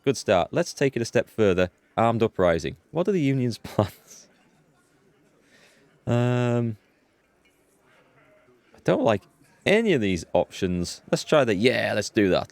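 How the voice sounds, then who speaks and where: Lively low-voiced man narrating gameplay. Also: moderate pace, no room sound. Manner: chatty, thinks aloud, chuckles at the text. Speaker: let's play host. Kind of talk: casual gameplay commentary reading game dialogue aloud.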